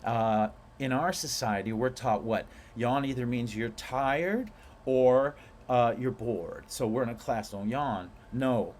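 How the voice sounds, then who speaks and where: A man teaching a guided breathwork class in a playful, animated way, stretching out key words for emphasis. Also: medium pitch, slow, slight background noise. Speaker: breathwork instructor.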